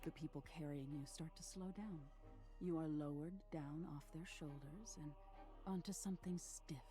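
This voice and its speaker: A woman voicing a soft-spoken female attic ghost who narrates in a slow, hushed, often whispered way. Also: low-pitched, close to an everyday voice. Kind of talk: voiced game narration. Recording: game audio with clear music behind.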